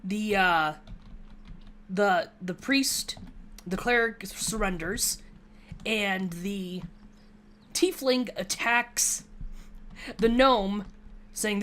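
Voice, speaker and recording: A woman with a mid-range voice talks casually over her gameplay. She rambles through a story and pokes fun at herself along the way, like a relaxed gaming commentary. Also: medium pitch, very slow, long pauses. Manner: rambling, chatty storytelling with self-mocking asides. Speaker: gaming YouTuber. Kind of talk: casual gameplay commentary, recounting a tabletop session.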